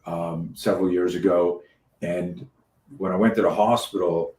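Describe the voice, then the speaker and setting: Male podcast host, low voice, animated and profane storyteller; distant mic in a roomy space. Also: moderate pace. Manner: animated storyteller, swears freely, many restarts. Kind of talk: casual interview chat.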